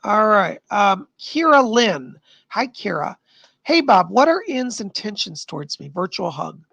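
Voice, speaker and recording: Gravelly chatty man doing live psychic readings. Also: high-pitched, unhurried, no echo. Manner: chatty, animated, gushing. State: tiring voice. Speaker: psychic medium host. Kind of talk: live-stream readings for viewers.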